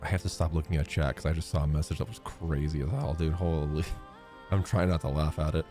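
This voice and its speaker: A man's voice: very deep voice, fairly even intonation, fairly quick, mellow, faint music behind. A man streaming a reaction to a game, making casual, joking, slangy asides.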